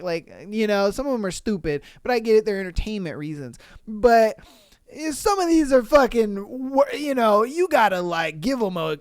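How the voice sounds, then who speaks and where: A man's voice: high-pitched, animated, moderate pace, smooth, no room sound, studio quality. Profane, incredulous male podcast host. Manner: profane, incredulous reactions with frequent laughter. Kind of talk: casual commentary reading listener stories.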